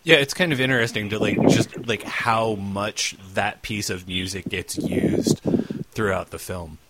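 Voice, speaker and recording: A young man with a somewhat low voice runs a casual interview. He leans into his questions with eager interest, filling them with "like" as he goes. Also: unhurried, heavy background noise. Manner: enthusiastic, peppered with "like".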